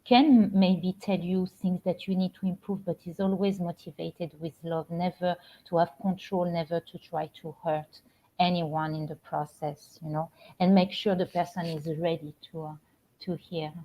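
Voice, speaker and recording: A middle-aged woman with a French accent, a spiritual coach hosting a casual live stream from home, talking gently with many halting restarts. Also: on the low side, fairly even intonation. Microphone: computer or phone camera on a live stream. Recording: slightly dull lo-fi stream audio.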